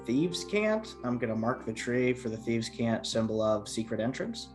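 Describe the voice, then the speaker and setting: A man's voice: mid-range voice, big pitch swings, moderate pace. Casual male player, plain tabletop chat, music faint. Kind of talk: tabletop role-play.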